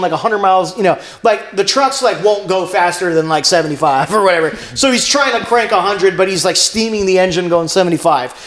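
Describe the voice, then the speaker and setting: A man's voice: high-pitched, reverberant. A young man, a comedian, telling a long story in a casual, profane, rambling way. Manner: rambling, profane, animated retelling with acted quotes. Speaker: comedian guest.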